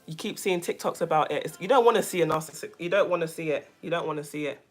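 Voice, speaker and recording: Emphatic woman vlogger with a low voice. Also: quick pace, faint music behind. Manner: animated, emphatic, repeats phrases for stress. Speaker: vlogger, self-care coach. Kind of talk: casual chat to camera.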